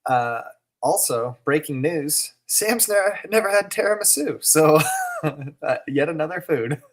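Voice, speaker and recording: A man's voice: on the high side, lively intonation, measured pace. A man co-hosting a casual reaction podcast, talking in an easygoing, loose way and chuckling often. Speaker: podcast co-host.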